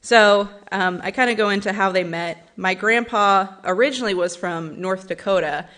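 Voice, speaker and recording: A young woman giving a personal testimony and reading scripture at a church service, in an earnest, gently conversational way. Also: mid-range voice, moderate pace. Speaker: church member giving a talk.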